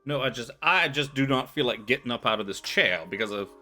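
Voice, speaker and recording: A man's voice: mid-range voice, fairly quick, pushed and bright. A man playing a tabletop game who describes his character's actions in a wry, laid-back way. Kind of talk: casual game table chat.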